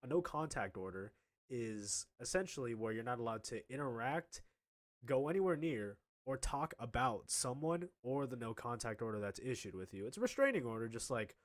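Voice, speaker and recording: A man's voice: medium pitch, lively intonation, normal speed. A man in his twenties telling a casual storytime anecdote, laughing often and stammering through restarts.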